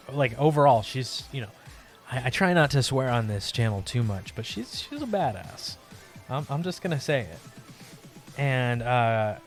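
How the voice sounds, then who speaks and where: A young man chatting casually on a live art stream, rambling warmly about a character and greeting viewers by name. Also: mid-range voice. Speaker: livestream artist.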